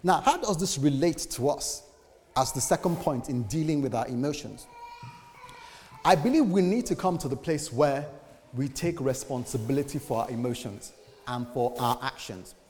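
A man's voice: medium pitch, expressive, moderate pace, darkish tone. A male pastor preaches in a chatty way, asking his listeners rhetorical questions. His mid-range voice carries a long reverb, as if spread through a large church. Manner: conversational preaching with acted-out examples and rhetorical questions. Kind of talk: sermon. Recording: echoey hall.

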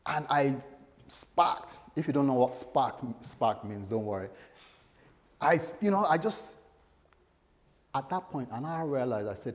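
A man's voice: mid-range voice, lively intonation, unhurried, long pauses. A male pastor delivering a sermon, telling stories animatedly and acting out the voices he quotes. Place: church hall. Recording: long hall reverb.

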